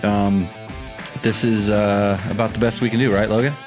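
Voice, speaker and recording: A man's voice: fairly low pitch, level tone, normal speed, over music. A man hosting a casual tech chat show, rambling and joking as he thinks aloud with lots of fillers. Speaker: show host.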